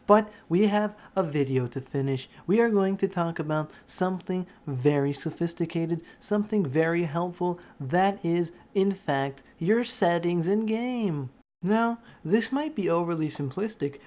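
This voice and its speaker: A man's voice: fairly high pitch, darkish tone. Male tutorial narrator, mock-stern classroom-teacher delivery, crude jokes. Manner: mock-serious teacher bit, swears often. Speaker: gaming tutorial creator. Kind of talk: jokey gameplay tutorial voice-over.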